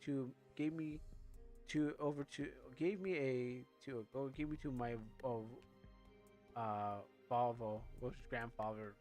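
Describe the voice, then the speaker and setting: A man voicing a young male game character who tells his past in a halting, serious way. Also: medium pitch, a little mellow, soft background music, lightly acted.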